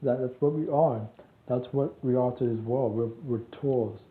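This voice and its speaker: A man voicing a calm, resigned young ninja, speaking slowly and quietly. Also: medium pitch, close to an everyday voice. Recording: tinny echoey phone-like audio.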